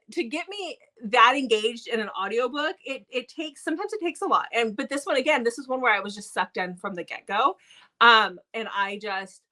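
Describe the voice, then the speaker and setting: Bright-voiced chatty woman reviewer. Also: fairly high pitch. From United States. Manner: enthusiastic, chatty with fillers. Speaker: book reviewer co-host. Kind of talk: casual chat. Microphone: live stream mic.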